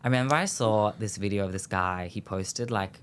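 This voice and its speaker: A man's voice: on the low side, fairly quick, a bit bright, a little hiss or hum. A young man from Perth, Australia, chatting casually as a podcast guest and rambling with a filler "like" in nearly every phrase. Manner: rambling, filler-heavy with constant "like". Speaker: guest, fashion designer. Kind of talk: casual chat.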